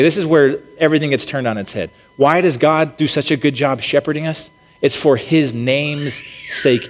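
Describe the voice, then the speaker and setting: Man preaching in a reverberant hall. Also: on the high side. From United States. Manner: conversational preaching with restarts and check-ins. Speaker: pastor. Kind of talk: sermon. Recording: long reverb of a large hall.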